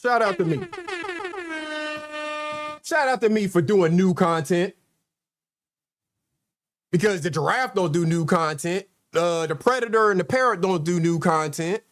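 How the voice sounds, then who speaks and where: Man, host, sarcastic commentary, exasperated, high voice. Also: a little slow, long pauses, fairly bright tone. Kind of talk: livestream commentary.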